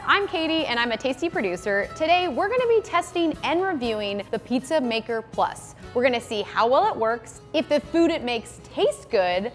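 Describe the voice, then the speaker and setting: A woman producer reviewing a kitchen gadget in a casual vlog, chatty and playful, thinking aloud with lots of "like"s. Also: sits high. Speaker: food video producer testing a kitchen gadget.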